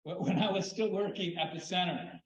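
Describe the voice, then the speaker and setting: An older man giving an animated storytelling talk at a conference, expressive and prone to repeating words when excited. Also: sits high, brisk. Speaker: conference speaker. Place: conference hall. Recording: echoey, dull hall recording.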